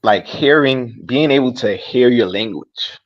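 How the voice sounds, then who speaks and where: A man from the United States calling into a livestream, talking casually and haltingly, often pausing to search for words. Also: mid-range voice, muffled recording. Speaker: caller on a livestream. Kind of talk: casual chat.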